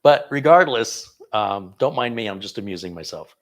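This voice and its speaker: A man's voice: lowish voice, animated, normal speed. A man hosting a casual live question-and-answer session on computers, chatty and digressive, amusing himself as he goes. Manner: chatty and digressive, self-amused. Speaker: tech channel host answering viewer questions.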